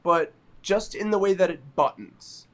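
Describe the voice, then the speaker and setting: A man co-hosting a podcast, telling stories in a giggly, animated casual chat. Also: high-pitched, unhurried. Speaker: podcast co-host.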